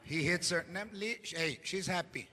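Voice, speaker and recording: A man doing a loud stand-up comedy routine on a theater stage, shouting punchlines, acting out characters and dropping Spanish phrases. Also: high voice, moderate pace. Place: large theater with live audience. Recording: live show with crowd noise. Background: audience laughter and crowd noise.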